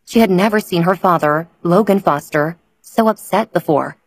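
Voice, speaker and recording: A woman narrating a romance audiobook in steady storytelling. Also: fairly low pitch, moderate pace, no room sound.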